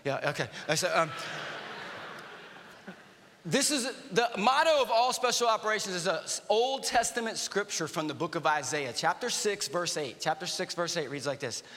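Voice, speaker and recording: Veteran guy telling war stories at church, lively, acts out the dialogue, bright voice, big echoey hall. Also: high voice, normal speed. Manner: animated storytelling with acted-out dialogue. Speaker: guest speaker, army veteran. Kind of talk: motivational church talk. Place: church auditorium. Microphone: stage microphone.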